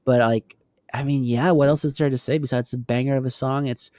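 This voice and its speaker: A man co-hosting a casual podcast chat, animated and swearing now and then. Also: medium pitch, brisk, no echo, studio quality. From Texas. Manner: animated, swears, laughs often. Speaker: podcast co-host.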